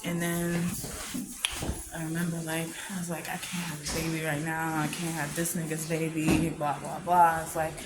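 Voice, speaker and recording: A woman giving a candid, heartfelt personal message to camera, often halting and trailing off softly. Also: deep voice, level tone, over loud music. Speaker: vlogger sharing a personal message. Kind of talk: emotional personal testimony to camera.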